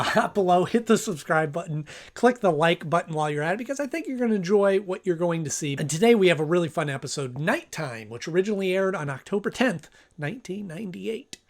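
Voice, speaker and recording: A man hosting his own cartoon review show, talking in a relaxed and upbeat way. He rambles quickly through his opinions with a friendly, chatty energy. His voice sits a bit higher than most men's. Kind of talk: casual review and plot recap.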